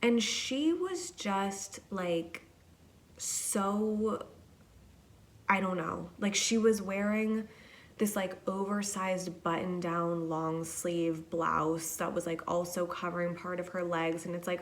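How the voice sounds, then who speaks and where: A woman's voice: fairly low pitch, slow. A young woman hosting a podcast alone, telling a story in a chatty, casual way, swearing and saying "like" a lot. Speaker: podcast host.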